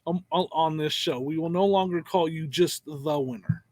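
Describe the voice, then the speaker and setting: A man co-hosting a podcast, telling a story in a casual, animated way and laughing often. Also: a little high, moderate pace, no echo. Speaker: podcast co-host. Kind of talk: casual chat.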